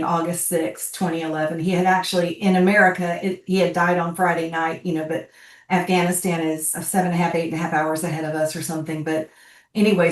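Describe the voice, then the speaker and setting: An older woman in her sixties tells a deeply personal story, halting and heartfelt, her voice lifting high when the memory gets to her. She sits some way back from her mic, and the room rings around her. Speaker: guest speaker, bereaved military mother. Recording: roomy, distant from the mic.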